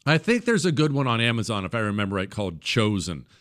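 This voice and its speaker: A man's voice: on the low side, very animated, fast talker, a bit bright. A man hosting a talk radio show, delivering a conversational monologue and repeating points for emphasis.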